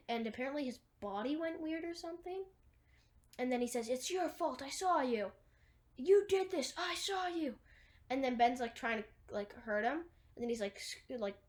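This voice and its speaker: A woman retelling a film scene by scene in a rambling, casual way, full of "like" and restarts. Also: on the high side. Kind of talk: casual movie recap.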